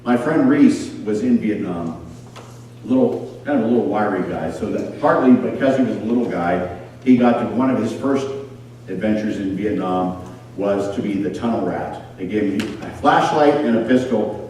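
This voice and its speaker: A man preaching a sermon, telling stories with lively acted-out voices. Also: fairly low pitch, moderate pace, far from the mic, a little hiss or hum. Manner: animated storyteller, acts out voices. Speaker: pastor. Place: school church hall. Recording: echoey hall picked up from afar.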